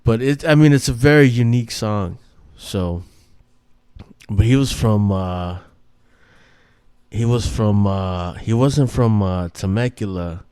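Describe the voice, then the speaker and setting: A man's voice: on the low side, takes it slowly, darkish tone, smooth, no room sound, clean studio sound. A man hosting a casual, rambling monologue, swearing and restarting his sentences often. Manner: rambling, profane, many restarts and fillers. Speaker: host.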